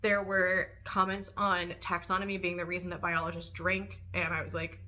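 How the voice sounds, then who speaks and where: A young adult woman talking casually to camera in a book review vlog, chatty and animated, laughing often and filling pauses with "um" and "like". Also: fairly low pitch, a little hiss or hum.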